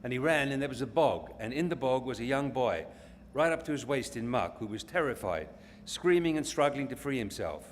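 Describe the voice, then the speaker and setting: A man's voice: medium pitch, expressive, a little fast. A man with an English accent tells a long story to an audience at a company event, rambling and restarting his sentences. His voice carries a long echo from a big hall. A faint noise sits under it. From England.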